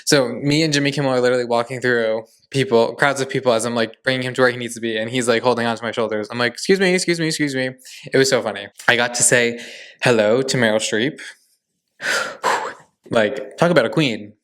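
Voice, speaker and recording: Gushing young man with a smooth voice. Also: mid-range voice, fairly even intonation, fairly quick, fairly bright tone. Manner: chatty and gushing, acts out dialogue in quotes. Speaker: podcast host. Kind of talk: casual solo podcast recap.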